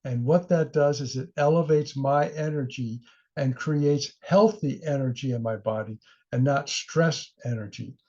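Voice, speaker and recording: A man's voice: mid-range voice, measured pace, darkish tone. A middle-aged man presenting a training webinar in an earnest, encouraging way, sometimes acting out the voices he quotes. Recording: dull lo-fi webinar audio.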